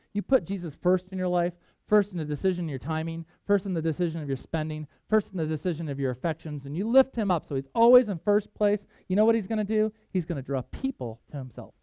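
A man preaching a sermon, reading scripture aloud with emphatic swings in loudness. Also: fairly high pitch, expressive, fast, smooth, no echo. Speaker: pastor.

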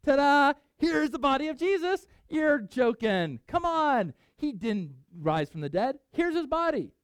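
A man's voice: a little high, normal speed, warm tone, no echo, studio quality, pitched below the performer's own voice, close to an everyday voice. A man voicing a scornful male Sadducee priest in a sermon, mocking and taunting in a sing-song way.

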